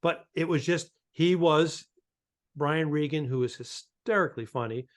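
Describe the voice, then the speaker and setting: A man, a stand-up comedian, chatting on a podcast and telling animated road stories with quoted voices. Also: on the high side, a little slow. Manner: animated storyteller, acts out quotes. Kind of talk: casual chat.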